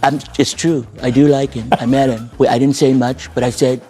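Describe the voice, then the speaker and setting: A man's voice: mid-range voice, level tone, a little fast, warm tone, faint music behind, voice pushed down, lightly acted. Man doing a boastful, drawling old politician. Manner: repetitive, self-assured drawl.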